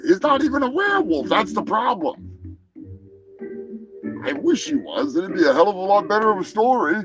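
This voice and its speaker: A man's voice: sits high, big pitch swings, normal speed, over music, rough recording. A man hosting a live comedy show, riffing in a crude, profane, joking rant. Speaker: host.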